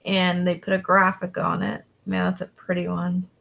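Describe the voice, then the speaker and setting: A woman reseller chatting casually with her viewers as she works, drawling along with plenty of fillers. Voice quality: gravelly, creaky. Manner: slow, drawling and relaxed, with frequent fillers; calls to her dogs in a high, coaxing voice. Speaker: online reseller vlogger. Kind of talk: casual chat while working, answering viewers.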